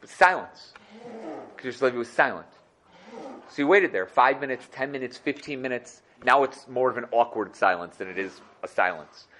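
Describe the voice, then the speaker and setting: A man teaching a Torah class, telling a story in a lively way and repeating phrases for emphasis. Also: mid-range voice, normal speed.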